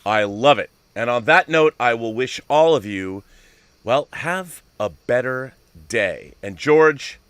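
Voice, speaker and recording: A man's voice: mid-range voice, lively intonation, slow pace, a bit bright, smooth, dry recording. A man hosting a live-streamed talk show, effusive and thanking his guest, moderators and co-host, with frequent restarts. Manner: effusive, talks with many restarts.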